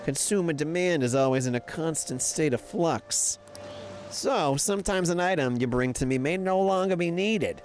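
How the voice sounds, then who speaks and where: A man's voice: a little high, expressive, normal speed, a little hiss or hum, natural voice. A man putting on a New York Italian trader. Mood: wheedling. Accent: put-on New York Italian. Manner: wheedling salesman patter. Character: shady smooth-talking male trader, middle-aged. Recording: game music playing behind.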